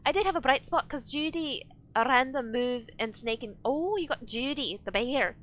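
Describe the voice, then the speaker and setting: High, bright young woman streamer. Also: expressive, normal speed, hardly any pauses, a little hiss or hum. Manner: rambling, ranting, reads chat aloud. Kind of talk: casual live-stream chat while gaming.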